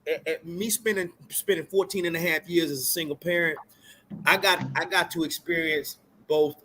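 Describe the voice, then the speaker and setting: A man's voice: a little high, fairly even intonation, normal speed, sharp tone, slight background noise. A man on a discussion panel who keeps steering the talk with repeated questions.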